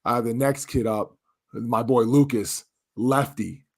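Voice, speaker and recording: Animated man telling a story. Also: mid-range voice, a little slow, gravelly. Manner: animated, acts out quotes, restarts often. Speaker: podcast co-host. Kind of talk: casual storytelling chat.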